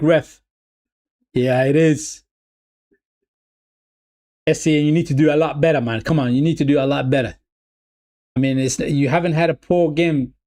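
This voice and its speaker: Fan streamer, male, slightly high voice, excitable and repetitive, addresses viewers as "people". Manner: calls the play loosely, repeating himself. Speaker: watch-along streamer. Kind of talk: live football watch-along commentary.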